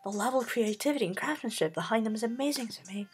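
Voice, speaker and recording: A man voicing a timid, formal teenage girl who loves books, speaking softly and hesitantly in a voiced game playthrough. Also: high-pitched, lively intonation, very fast, husky, faint music behind, voice pushed up, heavily acted. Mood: gentle. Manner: soft, hesitant, stammering.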